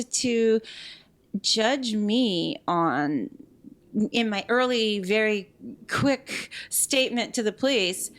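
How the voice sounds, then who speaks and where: A woman guest talking candidly in an interview, animated, with quick restarts and acted-out quotes. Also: mid-range voice. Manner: animated, fast restarts, acts out quoted speech. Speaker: podcast guest.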